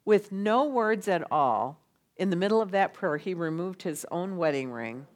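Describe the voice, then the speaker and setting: A middle-aged woman preaching a sermon, swinging from loud pleading to hushed tones and leading her listeners in repeated phrases. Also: fairly low pitch, animated, normal speed. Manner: leads the audience in call-and-response. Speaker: speaker at a church gathering.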